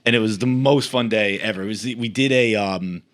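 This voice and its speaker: A man's voice: lowish voice, brisk, a bit bright. A young man from the South Coast of Massachusetts chatting casually as a podcast guest, rambling with stammered restarts. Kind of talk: casual chat.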